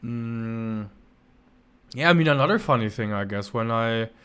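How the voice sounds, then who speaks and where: A man's voice: medium pitch, expressive, a little slow, a bit bright, clear, resonant tone. A man co-hosting a podcast, telling a story in a rambling, casual way with many restarts. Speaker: podcast co-host.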